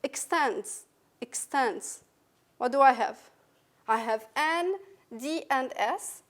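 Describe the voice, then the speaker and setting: A woman with a high, light voice and a French accent walks students through English sounds. She is patient and careful, repeating each example word slowly and clearly. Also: expressive. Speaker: English teacher. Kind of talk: recorded phonetics lesson.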